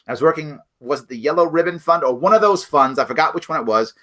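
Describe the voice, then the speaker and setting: Pitched a little high, this middle-aged political show host has a bright, forceful voice and a quick pace. On his commentary livestream he addresses viewers directly, blunt and emphatic.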